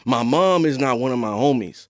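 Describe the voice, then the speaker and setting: Soft-spoken man hosting a podcast. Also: medium pitch, moderate pace, no room sound, clean studio sound. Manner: soft-spoken and calm, rising to animated emphasis. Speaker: podcast host. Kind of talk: casual podcast discussion.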